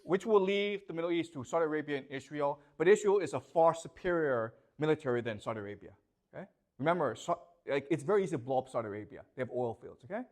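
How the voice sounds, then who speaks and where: A man's voice: on the high side, expressive, fast talker. A man giving a classroom lecture, posing rhetorical questions and constantly checking that his students follow.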